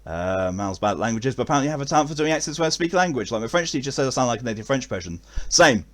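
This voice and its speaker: His voice is medium-pitched and expressive, and he races along. An Englishman wrapping up a stream, he chats casually to viewers in a rambling way, using many fillers and restarts.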